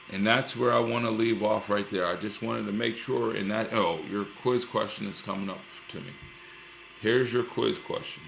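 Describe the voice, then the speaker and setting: Gravelly-voiced male teacher. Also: on the low side, a bit bright, slight background noise. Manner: upbeat and encouraging, repeats himself. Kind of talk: recorded classroom lesson.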